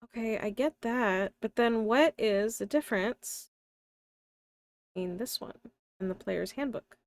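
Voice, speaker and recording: A woman's voice: a little high, unhurried. A young woman with a slight lisp, chatting casually on a live stream, thinking aloud and talking to her viewers. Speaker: live streamer and tabletop player.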